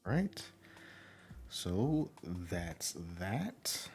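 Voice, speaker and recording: Slow, easygoing man chatting while he builds. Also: fairly low pitch, very animated, vocal fry, darkish tone, slightly rough, faint music behind. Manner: unhurried, thinks aloud, hums to himself while working. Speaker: livestream host building a model kit. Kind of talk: casual livestream chat. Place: indoor home room.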